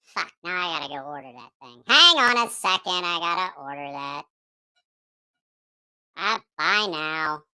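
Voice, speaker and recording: A cranky childlike puppet voice, put on by a man, swearing through its grumbling rants. It swoops high and low and drags its words out slowly, with a bright, sharp edge to the tone. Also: expressive, clean tone, exaggerated voice. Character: squeaky childlike male puppet voice, grumpy and foul-mouthed. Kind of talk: livestream chat in a put-on voice.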